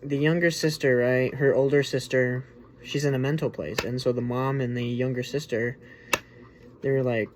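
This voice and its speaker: Hosting his own movie review show, a man talks casually at normal speed, his medium-pitched voice holding a steady tone. He rambles informally, restarting often and leaning on "like" and "you know." A faint hiss or hum sits underneath.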